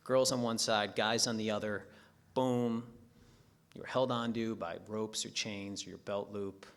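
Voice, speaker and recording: A man's voice: fairly low pitch, steady tone, measured pace, clear, resonant tone. A man telling his own recovery story at a meeting as a joking, profane storyteller.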